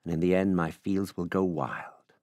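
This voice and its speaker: A man voicing a proud middle-aged widow who answers clipped and cross, held close to the reader's own very deep voice. the sound is dry and close-miked. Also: fairly even intonation, moderate pace, darkish tone, dry recording, natural voice.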